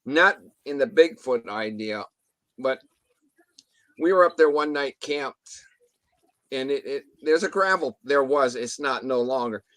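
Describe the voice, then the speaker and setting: A man's voice: mid-range voice, lively intonation, unhurried, long pauses, fairly bright tone, dry recording. A man telling a story in a casual interview, rambling with restarts and mild swearing, acting out what others said. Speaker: guest telling an encounter story.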